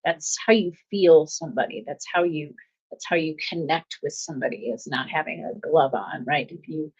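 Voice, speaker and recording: A woman's voice: low voice, normal speed, husky. Earnest woman giving self-help talk. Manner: earnest, warm encouraging tone, repeats phrases. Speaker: host. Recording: slightly dull lo-fi audio.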